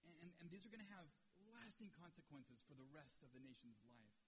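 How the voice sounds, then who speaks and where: A man preaching a sermon as pastor, emotional, swinging from loud urging to near-hushed passages. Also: on the high side, big pitch swings, a little fast. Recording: long reverb, faint hiss.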